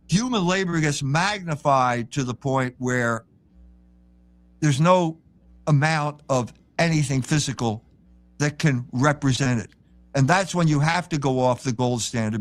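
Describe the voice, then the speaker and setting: An older man speaks as a guest author on a live interview stream. His voice sits high, and he lectures in an opinionated, emphatic way.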